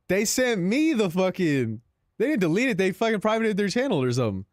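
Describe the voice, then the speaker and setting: A man's voice: high voice, big pitch swings, normal speed, no room sound, studio quality. A man live streaming in casual chat, talking in slang, calling his viewers "bro" and laughing between lines.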